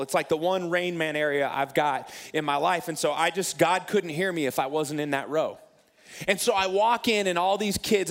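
A man in his thirties, a pastor telling a personal story in a sermon, animated and self-mocking, acting out his own past lines. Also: a little high.

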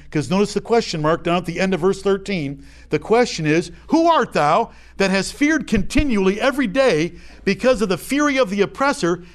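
A man leading a verse-by-verse Bible study, reading old scripture aloud and then explaining it in plain everyday talk, acting out small examples as he goes. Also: high voice. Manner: acts out little voices and examples. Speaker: Bible teacher.

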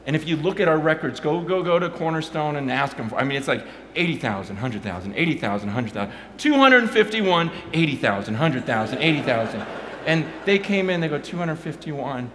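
A pastor telling animated stories, swinging from quiet asides to loud bursts and repeating his words as he goes. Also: a little high, fairly quick, roomy sound, a little hiss or hum. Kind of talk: animated storytelling talk.

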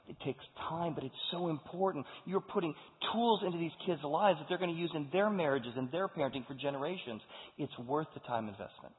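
A man preaching a sermon to a congregation, talking in an animated way and acting out the voices of the people he quotes. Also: fairly high pitch, fairly quick. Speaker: pastor. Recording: phone-like sound with long hall reverb.

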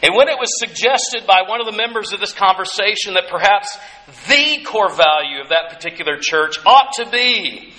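A male pastor preaching a sermon, earnest and gentle, repeating key phrases softly for emphasis. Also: high-pitched, expressive, normal speed, rough recording.

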